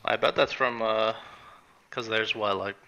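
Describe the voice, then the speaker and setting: Gravelly, sharp-toned man chatting. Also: on the low side, fairly even intonation, measured pace, dull audio. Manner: dry quips and teasing. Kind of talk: casual chat.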